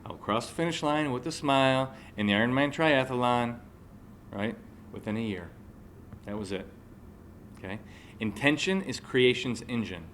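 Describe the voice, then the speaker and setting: A motivational speaker in his forties addresses a live audience, sharing a personal story and frequently checking in with listeners. His voice sits at a medium pitch with a fairly bright tone and moves at a moderate pace, and there is slight background noise.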